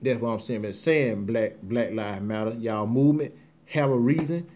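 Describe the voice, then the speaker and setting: An impassioned man hosting his own show, speaking. He preaches and repeats himself, his voice heavy with emotion, in a mid-pitched tone. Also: moderate pace, a little mellow, slight background noise. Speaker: host. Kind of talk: emotional commentary monologue.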